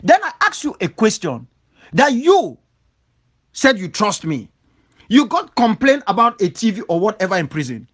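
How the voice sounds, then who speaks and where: Animated man, emphatic rebuttal. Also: high-pitched, moderate pace. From Cameroon, southwest region. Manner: emphatic, repeats rhetorical questions. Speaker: independence movement leader. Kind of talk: impassioned spoken rebuttal.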